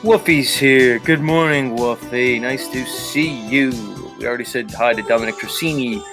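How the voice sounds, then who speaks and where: A man's voice: medium pitch, normal speed, over music. A man hosting a livestream, chatting casually and crudely as he greets viewers and reads their comments. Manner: crude, joking, rambling. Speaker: livestream host.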